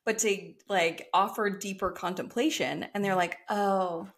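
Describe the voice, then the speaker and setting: A woman speaks as a guest on a podcast, in the thoughtful way a coach talks. Her voice has a middle pitch. She sounds encouraging and reflective, and she laughs easily as the chat goes on. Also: moderate pace, a bit bright. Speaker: guest, brand strategist and coach. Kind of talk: casual interview chat.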